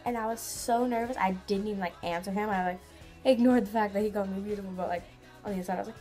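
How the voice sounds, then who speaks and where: Teen girl vlogging, all gushy and excited, says like a ton, mid pitch, faint music under it. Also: fast. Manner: giddy, gushing, lots of "like" fillers. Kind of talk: casual storytelling vlog.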